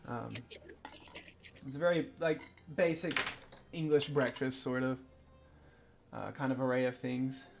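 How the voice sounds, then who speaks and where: A man running a tabletop game, narrating in a halting, filler-heavy way. His voice has a gravelly, creaky edge at a middle pitch. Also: steady tone, noisy background. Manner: halting, full of fillers and restarts. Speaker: game master.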